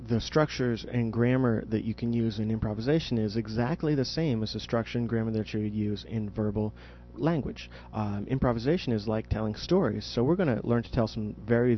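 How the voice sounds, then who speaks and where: A man's voice: fairly low pitch, a little fast, soft background music. Patient male jazz teacher, lo-fi podcast. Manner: patient, explanatory, demonstrates questions with rising inflection. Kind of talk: podcast audio lesson.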